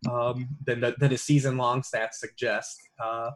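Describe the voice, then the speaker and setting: A man's voice: medium pitch, level tone, a little slow, fairly bright tone. A man talking through fantasy football picks in a casual podcast chat, with lots of fillers and restarts. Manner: rambling, many fillers and restarts.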